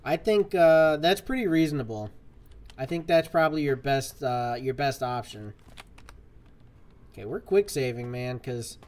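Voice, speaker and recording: A man's voice: mid-range voice, unhurried, a little mellow. A man giving live commentary on a game he is playing, jokey and exasperated as he talks to the game. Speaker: streamer.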